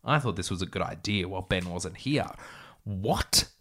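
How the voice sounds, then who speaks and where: A man's voice: sits low, a little fast, a bit bright. Man, reading a story aloud, wry asides, joking, casual. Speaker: reader of his own story.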